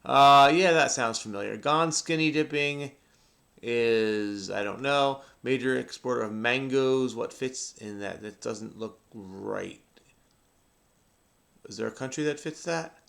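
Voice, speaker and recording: Middle-aged man, crossword vlogger, gravelly and bright, rambling and self-mocking. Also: medium pitch, a little slow. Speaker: crossword video host. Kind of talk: solving a crossword while thinking aloud.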